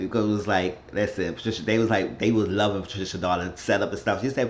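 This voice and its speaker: A man's voice: on the low side, steady tone, fairly quick, muffled recording. A man casually recapping a reality show episode for his channel, rambling along and retelling scenes in quoted voices. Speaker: YouTube recap host.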